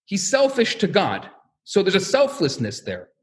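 A man giving a sermon-style lecture as a religious teacher, telling stories in an animated way and acting out the quotes. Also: sits high, normal speed. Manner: animated storytelling, acts out quotes.

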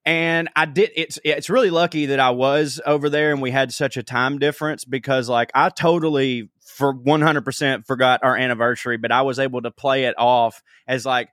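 A man co-hosting a comedy podcast, telling quick, profane, joking stories in casual chat. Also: mid-range voice, fairly even intonation, fairly bright tone, dry recording, clean studio sound. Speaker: podcast co-host.

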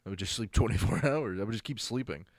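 Lower-voiced teasing young man. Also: quick pace, no room sound, studio quality. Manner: blunt, teasing, swears and laughs often. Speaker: podcast co-host. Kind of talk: casual chat.

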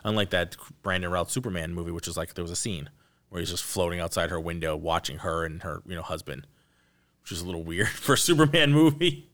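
A man hosting a casual podcast chat. He talks in an animated way, with many restarts and asides. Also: sits low, fast talker. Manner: animated, acts out scenes in quoted voices. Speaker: podcast host. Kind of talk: casual chat about movies.

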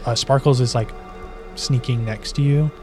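A man's voice: medium pitch, fairly even intonation, moderate pace. Male game master, casual loose narration, music playing behind. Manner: loose and searching, with many fillers.

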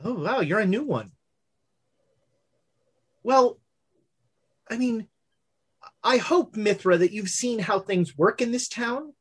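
A woman's voice: on the high side, expressive, slow, pauses often, slightly rough, heavily acted. A woman voicing a haughty female sun god who talks down to a newcomer. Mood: smug. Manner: smug, condescending.

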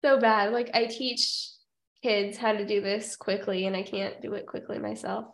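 A woman's voice: mid-range voice, fairly even intonation, normal speed. A young woman co-hosting a podcast, chatting casually and with a snarky edge, often laughing and trailing off mid-sentence. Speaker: podcast co-host.

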